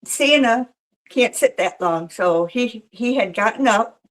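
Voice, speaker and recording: A woman who works as a professional Mrs. Claus, sharing a story in a relaxed interview. Her voice sits a little high. She tells it with life and slips into the voices of the people she describes. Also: a little slow, low-quality recording. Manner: animated storyteller who acts out quoted voices.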